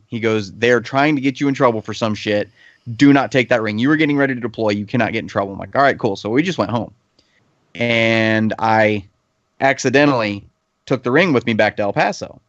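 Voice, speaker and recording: A man's voice: on the low side, fast talker, dry recording. Profane man telling a heated story. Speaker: podcast panelist. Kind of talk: casual storytelling chat. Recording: slightly dull lo-fi podcast audio.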